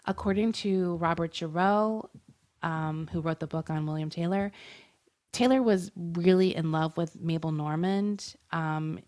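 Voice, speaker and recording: This podcast co-host is a woman whose voice is low and somewhat dark. She recounts a true-crime tale in a relaxed, talkative style, full of filler words and frequent laughter.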